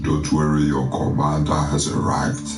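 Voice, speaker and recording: A man voicing a grandiose self-styled male commander in a game chat, speaking slowly and formally with a very deep bass voice and demanding respect. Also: completely flat delivery, far from the mic. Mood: commanding. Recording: echoey game chat clip from afar with music.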